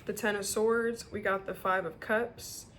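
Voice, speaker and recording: A woman does a casual tarot reading to camera in a medium-pitched, fairly bright voice that is a little slow with fairly even intonation. She's emotional and often close to tears, swearing freely and rambling with many restarts.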